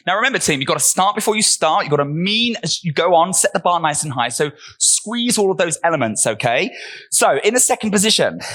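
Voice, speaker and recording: A man's voice: fairly high pitch, a bit bright. A man coaching a barre workout class, counting reps and cueing moves while out of breath, with upbeat encouragement. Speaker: barre fitness instructor.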